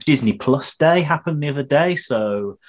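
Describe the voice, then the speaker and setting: A man's voice: on the high side, animated, normal speed. Tired, chatty man. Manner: chatty, laughs easily, tired. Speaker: podcast co-host. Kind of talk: casual chat.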